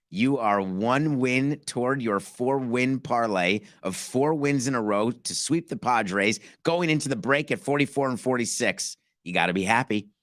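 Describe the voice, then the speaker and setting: Punchy sports podcast guy, bright forceful voice, dry close mic, lots of rhetorical questions. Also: medium pitch, no echo. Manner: emphatic, fires off rhetorical questions. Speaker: podcast host. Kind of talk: sports talk monologue.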